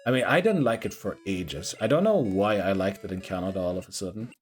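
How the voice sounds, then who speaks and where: Chatty Northern Irish man, low voice. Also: expressive, fairly quick, faint music behind. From Northern Ireland. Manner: rambling, joking, chuckles often. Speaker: game streamer. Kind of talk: casual live-stream chat.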